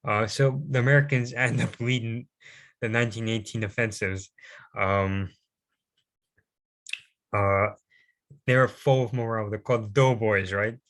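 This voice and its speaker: Young man, fairly low voice, informal history presentation, rambling, hesitant, self-deprecating asides. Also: fairly even intonation, a little slow, long pauses, a bit bright. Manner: rambling, hesitant, many fillers and restarts.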